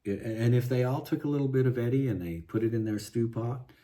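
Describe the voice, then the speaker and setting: A mid-range, warm voice moving fairly quickly belongs to a guitar vlogger letting off steam. His monologue is frustrated and meandering, packed with restarts, asides, and "you know".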